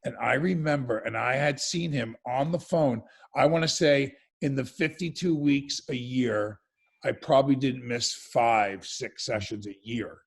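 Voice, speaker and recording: A man chatting as an interview guest over a video call, telling stories with quick asides and restarts. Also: medium pitch, vocal fry, husky. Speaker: interview guest, former reality show participant. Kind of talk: storytelling interview chat.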